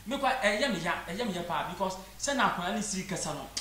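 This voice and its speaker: A woman's voice: mid-range voice, animated, racing, a bit bright. A woman with a Ghanaian accent giving emphatic opinions in a casual chat show, often repeating words to stress a point. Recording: echoey room with faint noise.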